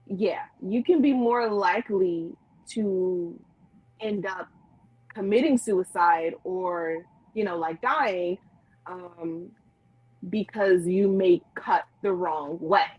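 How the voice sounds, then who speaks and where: Slow, husky woman on a muffled stream. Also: fairly low pitch, dry recording. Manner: brief, matter-of-fact answers. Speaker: guest author. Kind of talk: panel discussion.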